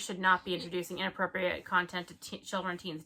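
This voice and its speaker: Bright, sarcastic young woman reading reviews. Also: lowish voice, flat delivery, fast, gravelly. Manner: sarcastic, mock-indignant when reading. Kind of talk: casual chat, reading reviews aloud.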